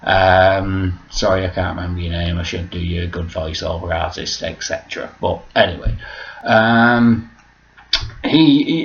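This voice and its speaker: In a casual vlog, a low-voiced man rambles loosely and swears freely at a measured pace. The recording sounds dull and lo-fi.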